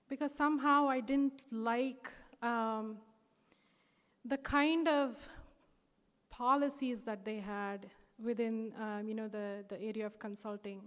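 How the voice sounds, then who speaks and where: A woman's voice: fairly high pitch, a bit bright. A young woman telling a personal testimony at a devotional gathering, earnest and emotional, with many fillers. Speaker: speaker sharing a personal testimony. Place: large hall. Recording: hall reverb.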